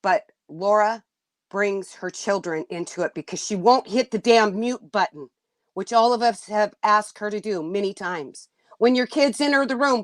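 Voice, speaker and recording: A woman with a slightly high voice, recorded dry, is hosting a livestream. She vents to her chat bluntly and indignantly, cursing now and then.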